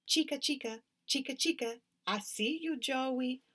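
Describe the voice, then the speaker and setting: Storybook: a woman plays a bouncy, sassy 11-year-old girl, high singsong teasing. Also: measured pace, sharp tone, full character voice. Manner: high, teasing singsong, sprinkles Spanish words.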